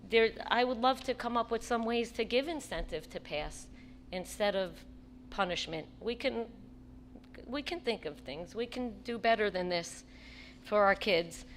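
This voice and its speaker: A woman who is a parent giving an impassioned, pleading public comment at a school board meeting, often halting and restarting. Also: a little high, lively intonation, a little hiss or hum.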